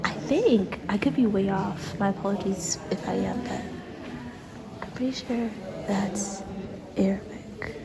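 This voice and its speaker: A woman's voice: mid-range voice, a little slow, vocal fry, over a noisy crowd. A woman travel vlogger chatting playfully to her viewers while touring a palace site outdoors on a handheld camera. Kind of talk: casual travel vlog chat. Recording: outdoor ambience and passing vehicle noise.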